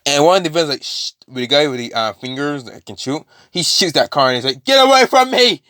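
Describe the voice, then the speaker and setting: A man's voice: medium pitch, a little fast, sharp tone, no echo, studio quality. A man casually retelling a fan-made story, rambling with many fillers and restarts.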